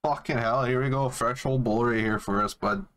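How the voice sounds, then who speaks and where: A man's voice: medium pitch, fairly even intonation, moderate pace, a bit bright. A young man streaming a game, chatting casually to his viewers and swearing freely. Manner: laid-back, swears a lot, talks to viewers. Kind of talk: casual live-stream chat while playing.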